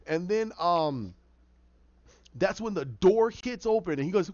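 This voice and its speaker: Brief: man telling a story casually, animated and rambling, lo-fi dry audio. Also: unhurried, long pauses, no echo. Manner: rambling, with fillers and lively pitch. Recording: dull lo-fi dry recording.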